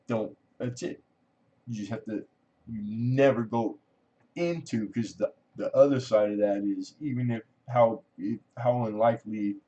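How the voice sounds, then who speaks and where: A man hosting a casual livestream chat, telling a long personal story in a rambling way, laughing often and trailing off. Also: dark tone. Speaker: livestream host. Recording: muffled low-fidelity audio.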